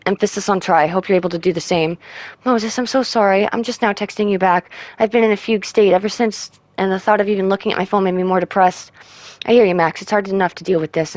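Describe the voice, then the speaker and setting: A woman streamer reading out in-game text messages in a soft, subdued way. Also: lowish voice, no echo. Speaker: gaming streamer. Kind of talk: reading game texts aloud.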